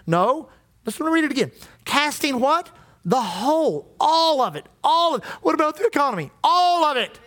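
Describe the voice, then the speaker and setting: A man's voice: very high voice, big pitch swings, normal speed, fairly bright tone. A man preaching a sermon as pastor, impassioned and repetitive, drawing out emphatic lines.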